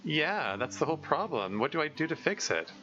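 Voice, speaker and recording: A man reading a shy, self-conscious teenage schoolgirl aloud, hesitant and halting. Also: a little high, very animated, bright, forceful tone, lo-fi sound, soft background music, pitched above the performer's own voice. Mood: bashful.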